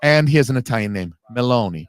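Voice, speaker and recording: A man's voice: mid-range voice, lively intonation, quick pace, clean tone, no echo. A man hosting a casual audio commentary on a film, talking in a rambling, analytical way with the odd swear word.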